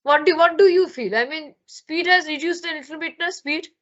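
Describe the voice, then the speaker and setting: A woman's voice: sits high, normal speed, fairly bright tone. Woman, online teacher, fillers and restarts, dull laptop sound. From Bengal, India. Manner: explaining with many fillers and restarts. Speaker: spoken English teacher. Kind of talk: online grammar lesson. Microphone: laptop microphone.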